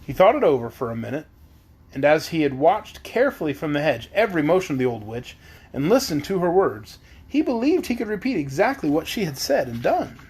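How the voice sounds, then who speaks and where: Man reading a bedtime story, husky. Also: a little high, very animated, brisk, darkish tone. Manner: playful, chatty with the children. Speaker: parent reading a children's book aloud.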